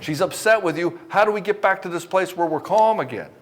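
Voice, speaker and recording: This middle-aged coach for divorced men has a voice that sits high and a bit bright, and he talks fairly quickly. Addressing the camera in a motivational talk, he's blunt, passionate and full of swearing, sometimes playing both people in an exchange.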